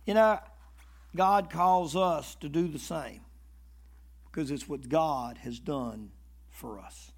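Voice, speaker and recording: Male preacher, high-pitched voice, animated sermon storyteller, stammers and repeats words. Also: slow pace, long pauses, breathy edge. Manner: animated, swings between loud and hushed.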